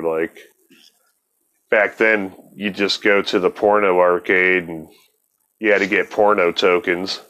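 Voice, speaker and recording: A man's voice: low voice, a bit bright. A man telling a long, rambling personal story in casual, profane talk, laughing now and then.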